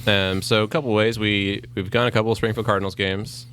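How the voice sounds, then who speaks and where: A man's voice: lowish voice, brisk. A man talks easily as a podcast guest. He tells his stories at a loose pace, full of "um" and "you know". A faint hum sits under the recording. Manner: relaxed storytelling with fillers and laughs. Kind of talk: casual chat.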